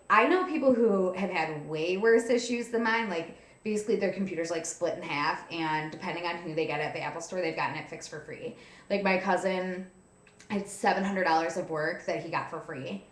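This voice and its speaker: A woman's voice: on the low side, roomy sound. A young woman venting in a casual vlog, chatty and cranky, filling her talk with "like". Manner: chatty, frequent "like" fillers, frustrated and cranky. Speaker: vlogger. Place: at home, seated with a cat on her lap.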